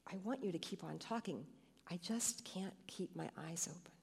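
A woman voicing a dying elderly father who speaks quietly and peacefully, read aloud in a hall with long reverb. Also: on the low side, moderate pace, vocal fry, breathy edge.

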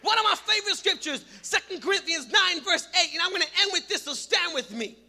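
A man preaching a sermon, shouting in bursts and then dropping to quiet prayer. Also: extremely high pitch, animated, fairly quick, vocal fry. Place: church hall. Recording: long hall reverb with music behind.

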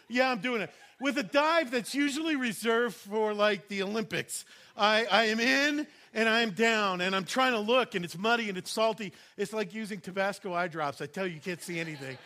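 A man's voice: sits high, moderate pace, sharp tone. A middle-aged man, a pastor, telling a personal story in a sermon and acting out other people's voices.

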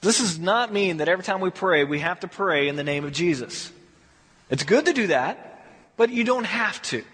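A man preaches in a casual, animated way, slipping into little acted asides as he talks. His voice sits high and a bit husky. It rings with the long reverb of a large hall. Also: moderate pace. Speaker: pastor. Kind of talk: sermon.

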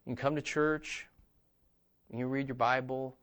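A man's voice: medium pitch, fairly even intonation, moderate pace, a bit bright. A man preaching a sermon in a conversational style, repeating key phrases and checking in with "okay?" and "right?". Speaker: pastor.

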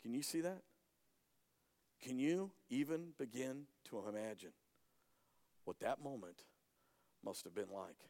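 A male pastor preaching a sermon dramatically, swinging between loud emphasis and hushed lines. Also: medium pitch, a little slow, creaky, pauses often. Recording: echoey hall.

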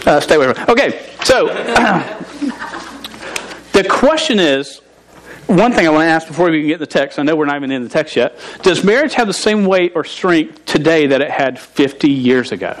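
Man preaching a sermon, humorous storyteller with stammers, voice a touch high. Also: rough recording. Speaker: pastor.

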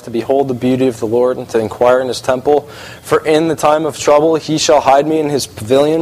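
Man preaching an animated, casual sermon. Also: rough recording. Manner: animated, emphatic, rises in pitch when excited; repeats phrases, casual slang.

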